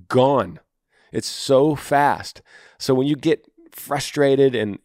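A man's voice: medium pitch, a little mellow, no echo. A middle-aged man hosting an advice podcast, talking earnestly and encouragingly in a folksy, casual way, close to the microphone. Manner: earnest, encouraging, folksy, calls listener brother. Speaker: podcast host. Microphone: close studio microphone.

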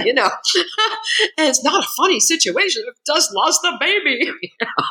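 A woman with a bright, clear voice tells anecdotes in relaxed conversation. She laughs often and keeps her storytelling lively. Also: sits high, moderate pace, rough recording. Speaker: co-author guest.

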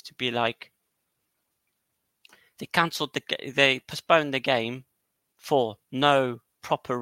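A man co-hosting a casual football chat, his voice bright and forceful and a little high for a man. He talks in an animated way, breaks into laughs and reads out passages from a report. The sound is close and dry, with no room echo. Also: vocal fry. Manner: animated, laughs often, reads documents aloud. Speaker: podcast co-host.

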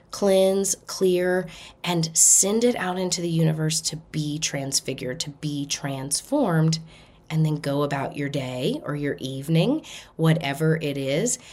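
A woman's voice: deep voice, darkish tone. A middle-aged woman teaching an energy-cleansing ritual in a soothing, affirming way, repeating phrases as lists. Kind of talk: spoken self-care tutorial.

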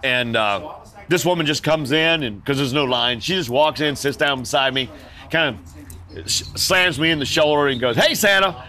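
An older man, a guest in an interview, telling stories in an animated way, often laughing and acting out the people in them. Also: mid-range voice, normal speed. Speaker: mall Santa guest. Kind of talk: storytelling in an interview.

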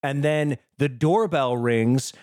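A man's voice: mid-range voice, slow, a little mellow, no echo. Enthusiastic man, dry close sound. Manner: enthusiastic, descriptive. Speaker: podcast co-host, film discussion. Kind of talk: casual chat.

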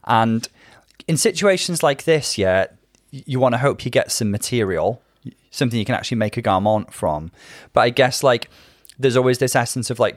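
Low-voiced man explaining, dry close sound. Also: dry recording. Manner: knowledgeable, explains at length, easy laugh. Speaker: podcast co-host. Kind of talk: casual chat recapping a TV show.

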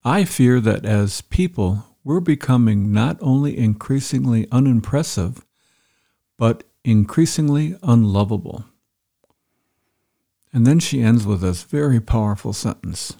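A man reading passages from an article aloud and reflecting on them in a measured, deliberate way. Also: mid-range voice, lively intonation, gravelly, mellow. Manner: measured, reads quotes aloud with pauses and emphasis. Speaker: speaker reading and commenting on an article. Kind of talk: reflective spoken commentary.

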